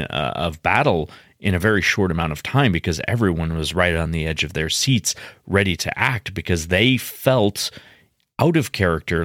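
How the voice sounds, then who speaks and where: A man's voice: low voice, a bit bright, no room sound, clean studio sound. A man hosting a podcast, explaining game-mastering tips in an earnest, explanatory way with frequent restarts. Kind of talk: instructional podcast talk.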